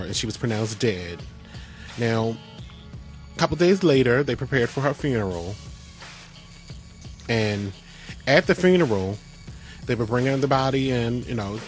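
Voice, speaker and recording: A man hosts a casual radio talk show at a mid-range pitch. He tells stories in an animated way, stumbling and restarting as he goes. Faint music plays underneath. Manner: animated storyteller, restarts often.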